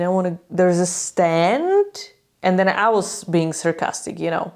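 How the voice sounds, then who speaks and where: Ranting woman from Slovakia, lowish voice. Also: moderate pace. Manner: animated storytelling, acting out quotes, sarcastic. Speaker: hockey vlogger. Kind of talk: casual ranting vlog.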